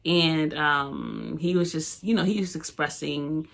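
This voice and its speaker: A woman's voice: low voice, wildly swooping pitch, a little slow, vocal fry, fairly bright tone. A young adult woman co-hosting a casual chat, talking with many fillers and frequent laughs. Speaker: co-host.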